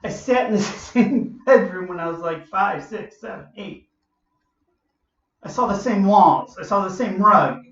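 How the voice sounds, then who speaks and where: Recorded in a distant, muffled, echoey space, a vlogger in his forties shares something personal with emotion, repeating phrases over and over. His voice is high-pitched, fairly bright, and unhurried.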